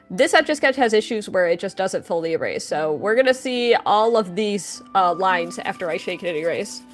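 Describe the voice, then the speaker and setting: A woman's voice: on the high side, fairly bright tone. A woman chatting casually on a livestream, greeting viewers by name while she draws. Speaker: livestreaming artist.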